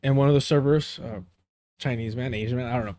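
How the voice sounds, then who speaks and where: A man at middle pitch hosts a live stream in casual, rambling chat. He tells long stories to his viewers, slips into Spanish phrases, and keeps losing his word mid-sentence. He grew up in the US–Mexico border region. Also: steady tone, fast, mellow, slight background noise.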